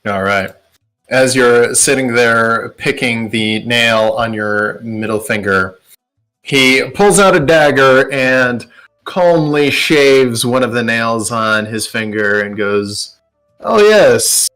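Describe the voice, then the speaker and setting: A man narrating as game master of a tabletop game in a measured way. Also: mid-range voice, steady tone, pushed and bright, faint music behind.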